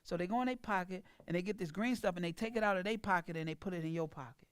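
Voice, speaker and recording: A woman's voice: lowish voice, quick pace, smooth, dry recording. A woman business coach giving an emphatic, preachy motivational talk about sales, speaking. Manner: emphatic, preachy, acts out clients in a mocking voice.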